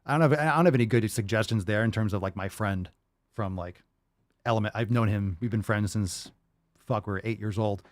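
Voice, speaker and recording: Low-voiced guy answering viewer questions on a livestream, swears a lot, dry mic. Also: a little fast, dry recording. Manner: profane, rambling storyteller. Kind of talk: casual livestream Q&A.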